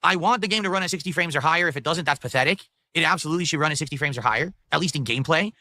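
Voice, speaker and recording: A man's voice: fairly high pitch, very fast, pushed and bright. A man recapping a video game trailer as a YouTuber, matter-of-fact with dismissive asides.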